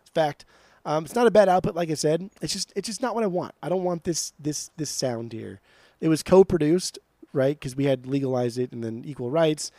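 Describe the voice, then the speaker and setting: A young man talks in a casual chat with a mellow, warm tone and a dry, close sound. He is blunt and swears freely, often stumbling over repeated words as he starts a sentence. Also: on the high side, fairly quick, hardly any pauses, dry recording. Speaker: podcast co-host.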